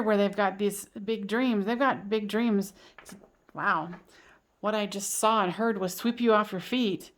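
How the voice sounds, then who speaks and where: Chatty woman doing a tarot reading, giggles a lot, lots of ums and restarts. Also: medium pitch. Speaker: tarot reader. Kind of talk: casual spoken tarot reading.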